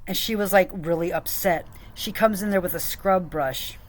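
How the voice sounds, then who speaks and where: A woman's voice: fairly low pitch, moderate pace. A young woman telling a long, rambling, profane story, venting about a friend and a boss, with lots of "like.". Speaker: vlogger. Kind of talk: casual storytelling rant.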